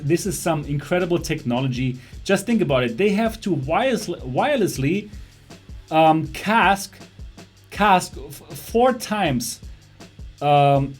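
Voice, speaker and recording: A man hosting a live tech show, enthusiastic and pausing often with fillers. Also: fairly high pitch. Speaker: host. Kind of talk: casual tech show talk.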